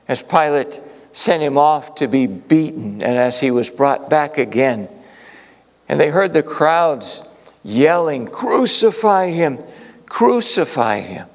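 A man preaching a sermon in a church, telling the story dramatically, his voice rising to urgent questions and sinking to hushed lines. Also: medium pitch. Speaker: pastor. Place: church sanctuary. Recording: long reverb from a large hall.

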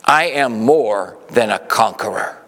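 A man's voice: lowish voice, lively intonation, unhurried, fairly bright tone. Emphatic male preacher in a reverberant hall. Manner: emphatic, shifting between urgent and soothing. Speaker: pastor. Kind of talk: sermon.

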